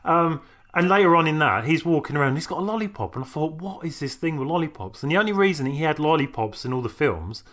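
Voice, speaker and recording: Quick, lively, teasing man. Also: on the high side. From Britain. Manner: quick, teasing, jokey questioning. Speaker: podcast co-producer. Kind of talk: casual chat.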